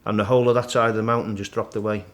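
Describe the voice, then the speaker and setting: Guy, middle-aged, bit low voice, tells his everest story all animated, acts out the shouting. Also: racing. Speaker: interview guest, Everest climber. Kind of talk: storytelling in casual conversation.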